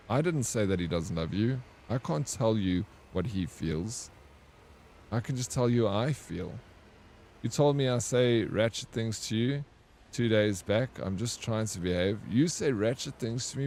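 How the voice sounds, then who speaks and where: A man's voice: on the low side, lively intonation, moderate pace, darkish tone, a little hiss or hum. A man streaming a game, chatting casually and bantering with viewers as he reads their messages aloud. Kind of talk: casual livestream chat.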